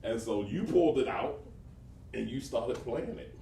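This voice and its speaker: A man's voice: mid-range voice, expressive, gravelly, warm tone. An older man and father chatting casually with his grown sons, rambling and restarting his sentences. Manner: rambling, halting, many fillers and restarts. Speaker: father and teaching pastor. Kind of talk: casual family chat. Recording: roomy, distant mic with faint noise.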